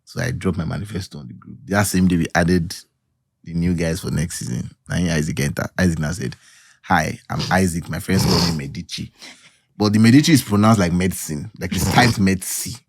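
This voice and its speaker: Nigerian guy on a podcast, low voice, laughing stories, dry close sound. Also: brisk, gravelly, no echo. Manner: laughing storyteller mixing pidgin. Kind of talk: casual banter.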